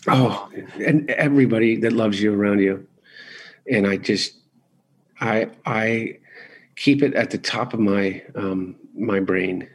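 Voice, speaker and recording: A middle-aged man talking candidly as an interview guest, halting and restarting often as he searches for words. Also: fairly low pitch, slightly rough. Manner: halting, with frequent restarts and fillers.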